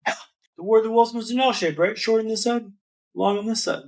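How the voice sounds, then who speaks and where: A man's voice: high-pitched, a little fast. A man, a podcast guest telling a dramatic personal story with a vivid, rhythmic build and repeated phrases.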